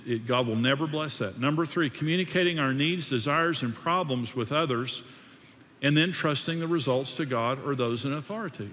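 A man's voice: on the high side, a bit bright, long reverb tail. A man preaching a sermon in an emphatic, repetitive way, often restarting his sentences. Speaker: pastor.

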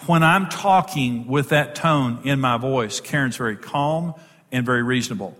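A man's voice: medium pitch, moderate pace, fairly bright tone. Emphatic man teaching in a hall. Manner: emphatic, repeats key words for stress. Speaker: marriage teacher. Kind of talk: teaching talk to an audience. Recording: long hall reverb.

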